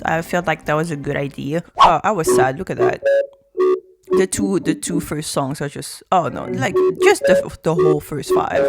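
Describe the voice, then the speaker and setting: A young woman with a sore throat and hoarse voice, chatting casually in a vlog, rambling and teasing herself in a playful way. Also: low voice. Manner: rambling, playful, self-mocking. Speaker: YouTuber.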